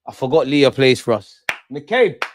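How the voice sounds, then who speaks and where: A young man hosting a live football watch-along, excitable and slangy, shouting out his viewers. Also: medium pitch, unhurried. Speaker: fan channel host.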